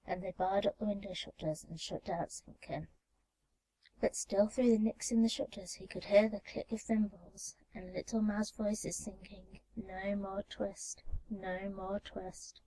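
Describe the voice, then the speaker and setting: A woman reading a storybook tale calmly and gently, in a soft ASMR story reading recorded binaurally. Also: medium pitch, normal speed, rough recording. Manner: calm, gentle. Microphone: binaural microphone.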